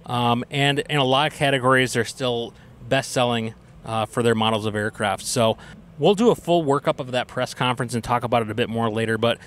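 A man with a mid-range voice talks through his day in a relaxed, chatty way, explaining details as he goes. There is a faint hiss under his voice. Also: mid-range voice, a little fast. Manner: chatty, upbeat, explains things with fillers. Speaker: podcast host. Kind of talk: casual podcast recap.

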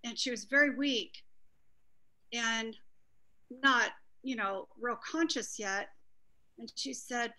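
Bright-voiced woman telling a heartfelt story. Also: on the high side, rough recording. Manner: earnest, heartfelt, halting. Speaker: group participant. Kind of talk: personal story in group discussion.

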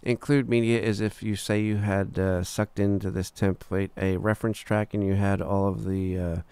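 A man teaching a recording workflow in a screen-recorded tutorial, relaxed and casual, talking through each step with filler words and the odd "boom". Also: moderate pace, smooth, no room sound. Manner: relaxed, talks through steps as he clicks, frequent "uh" and "boom". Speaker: recording engineer teaching software.

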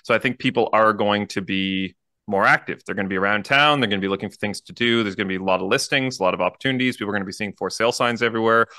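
Fast-talking Canadian man, bright voice. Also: lowish voice, no room sound, clean studio sound. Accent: Canadian English. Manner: fast, chatty, jokes and laughs at own slips. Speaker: podcast co-host, realtor. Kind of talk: casual chat, reading news aloud.

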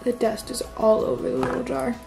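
A young woman chatting to herself as she works on a crafting vlog, often slipping into soft asides. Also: on the high side, little pitch movement, fairly quick, creaky, over music. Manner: chatty, talks to herself while working, drops to soft asides. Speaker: crafting vlogger. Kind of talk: casual crafting vlog narration.

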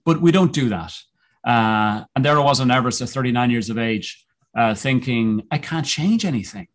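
A man being interviewed as a guest, telling a personal story in a reflective, earnest way with many pauses and restarts. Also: medium pitch. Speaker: podcast guest, mountaineer.

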